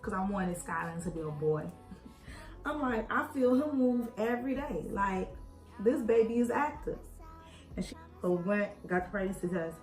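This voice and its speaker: A young woman casually telling a personal story to her viewers as she does her makeup, playing out other people's lines in voices. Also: fairly low pitch. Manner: animated, acts out quoted voices, addresses viewers as y'all. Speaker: beauty vlogger. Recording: echoey room with faint music.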